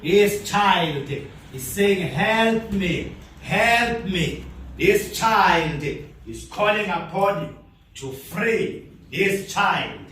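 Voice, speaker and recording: A man giving an impassioned speech at a training event. He speaks in an oratorical way, repeating phrases with long dramatic pauses. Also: high voice, a bit bright, slight background noise. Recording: echoey hall from far off.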